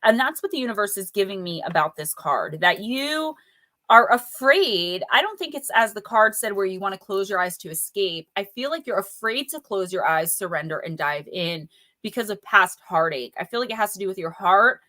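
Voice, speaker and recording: Bright-voiced chatty woman reading oracle cards. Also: medium pitch, expressive, normal speed. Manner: chatty, playful, reads card texts aloud, greets viewers by name. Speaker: livestream oracle card reader. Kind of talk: casual live-stream card reading.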